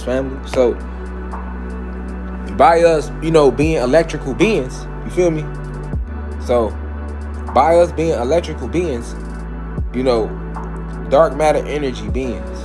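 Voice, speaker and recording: A man giving an informal lecture to camera, emphatic and repetitive, with slangy, profane street talk and frequent check-ins with his listeners. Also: medium pitch. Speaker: esoteric lecturer.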